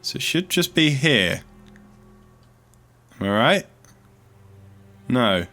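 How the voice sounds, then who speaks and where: A man's voice: mid-range voice, sing-song, takes it slowly, sharp tone, soft background music. A man giving casual gameplay commentary as a let's play host, chatty and thinking aloud as he explores, easily startled.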